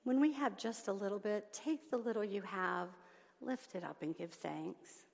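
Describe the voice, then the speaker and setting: Woman preaching a sermon in a church, gets loud then goes real soft, long echo in the hall. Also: medium pitch, normal speed, gravelly. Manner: animated, swings between loud emphasis and soft hushed lines. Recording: long reverb of a large hall.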